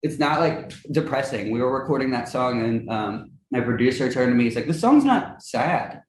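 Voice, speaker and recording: Guy talking about his songs, loose and chatty, medium voice, roomy sound with faint hum behind. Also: brisk. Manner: animated, acts out quoted friends in high voices, laughs often. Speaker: musician guest. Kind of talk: casual interview chat.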